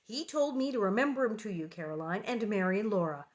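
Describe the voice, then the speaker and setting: A woman reading the part of a folksy pioneer father telling his family a lively tale from a storybook. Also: high voice, quick pace. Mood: storytelling.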